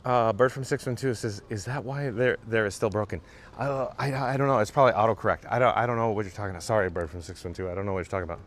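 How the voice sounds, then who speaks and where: A man's voice: fairly low pitch, racing. Man, live-stream host, casual chat, emphatic asides, outdoor walk, faint background noise. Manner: chatty, repeats viewer names, emphatic asides. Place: outdoors in a theme park.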